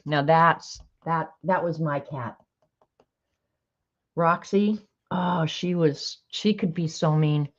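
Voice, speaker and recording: Low-voiced chatty woman. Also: fairly even intonation, slow, pauses often, dull audio. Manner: chatty, laughs often. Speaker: livestream host. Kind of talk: casual chat.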